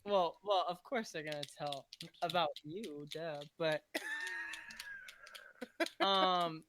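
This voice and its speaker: A man who is a guest friend on a casual podcast, telling a story in an animated way and loudly shouting out the lines he quotes. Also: a little high, a little slow, a little hiss or hum.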